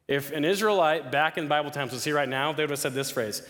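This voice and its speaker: A man's voice: on the high side, fast talker, hardly any pauses. Young man preaching in a big echoey hall. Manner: lively, asks the crowd questions. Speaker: campus ministry speaker. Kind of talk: sermon. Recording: long hall reverb.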